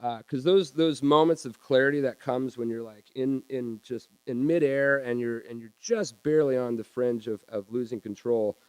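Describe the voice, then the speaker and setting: Halting man telling a stage story. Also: mid-range voice, steady tone, a little mellow, smooth, no room sound. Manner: halting, repeats words while acting out his own reactions. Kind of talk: personal story told live on stage. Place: small theater.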